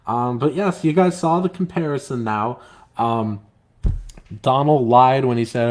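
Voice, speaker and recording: A man hosts a casual live stream, chatting loosely with viewers and reading their comments aloud. His talk is rambling and halting, full of filler words, with a steady aggrieved edge. His voice sits at an ordinary middle pitch. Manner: aggrieved, complaining. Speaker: comic book writer and live stream host.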